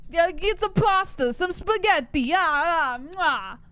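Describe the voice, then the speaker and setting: A woman's voice: very high voice, animated, takes it slowly, pushed and bright, no room sound, full character voice. A woman putting on a brash Bronx guy. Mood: boastful. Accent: put-on New York Bronx. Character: exaggerated Bronx guy, brash Yankees fan.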